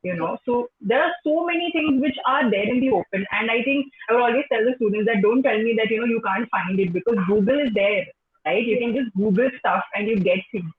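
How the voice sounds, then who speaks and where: A woman's voice: fairly high pitch, brisk. Indian lady teacher, chatty, lots of you know, roomy echo, faint hiss behind. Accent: Indian English. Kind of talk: interview answers. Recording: echoey phone-like call line.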